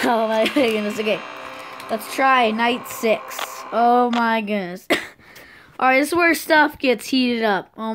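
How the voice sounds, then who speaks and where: A woman doing casual gameplay commentary into a close mic, excitable, laughing and coughing often as she talks to the game characters. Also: a little high. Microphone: close personal mic. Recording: loud mains hum, clicks.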